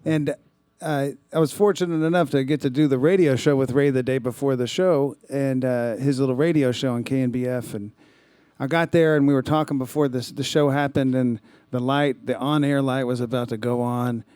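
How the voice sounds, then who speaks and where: Singer guy rambling thru a story between songs, kinda self-deprecating, soft warm voice. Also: medium pitch, fairly even intonation, normal speed, smooth, no echo. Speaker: singer-songwriter performing live. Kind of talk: relaxed stage banter between songs. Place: small live music club.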